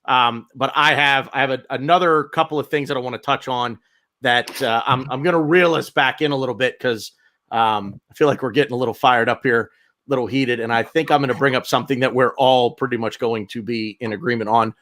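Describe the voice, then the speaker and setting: A man's voice: medium pitch, steady tone, fairly quick, pushed and bright. A man hosting a casual football fan podcast, rambling and repeating himself as he reads sponsor plugs. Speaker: podcast host.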